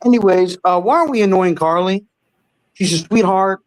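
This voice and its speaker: A man's voice: high voice, normal speed, no echo, low-quality recording. A man co-hosting a casual sports show, rambling and defensive in banter. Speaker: co-host.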